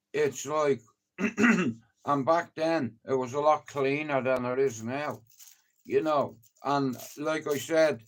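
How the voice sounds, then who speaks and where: A middle-aged man from Ireland with a Dublin accent, telling rambling, profane stories to a live stream audience, full of "you know". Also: medium pitch. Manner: rambling, profane, lots of 'you know'. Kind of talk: casual anecdotal storytelling.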